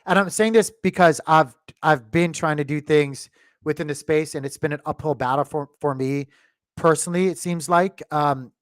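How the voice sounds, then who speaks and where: A man's voice: fairly high pitch, moderate pace, no echo, studio quality. A man hosting a crypto channel, talking casually to his viewers with many restarts and fillers, choked up with emotion.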